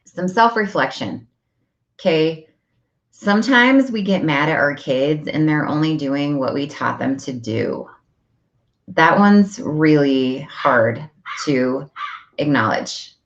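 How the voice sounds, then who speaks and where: A woman's voice: low voice, lively intonation, takes it slowly, reverberant. A woman hosting a parenting talk, chatting casually and acting out talks with her kids. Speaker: parenting podcast host. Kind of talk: casual chat. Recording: dull lo-fi audio.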